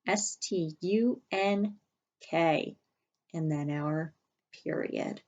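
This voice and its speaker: Woman, teacher, spelling lesson, slow, lowish voice, sounds out each letter. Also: a little mellow, highs cut off, a little hiss or hum. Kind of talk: early-grade spelling lesson.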